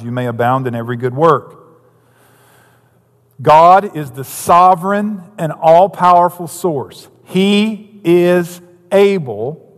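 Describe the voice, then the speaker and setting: A man delivers a sermon in a fairly high voice, shifting between quiet storytelling and emphatic, rising preaching. His words ring out with a long reverb from a church hall. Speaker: pastor. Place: church sanctuary.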